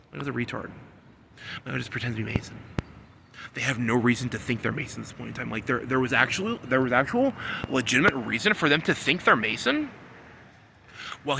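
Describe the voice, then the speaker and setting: A man in a rambling solo monologue, repeating himself and swinging between low muttering and loud, insistent scolding. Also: gravelly, a little hiss or hum. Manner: repetitive, talks about himself in the third person. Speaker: vlogger.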